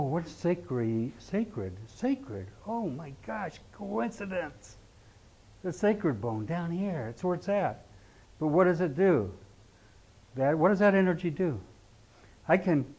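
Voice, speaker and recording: A man's voice: on the high side, a little mellow. A middle-aged man teaching an astrology class, talking conversationally and often putting rhetorical questions to his students. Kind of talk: lecturing a class. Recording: dull lo-fi recording.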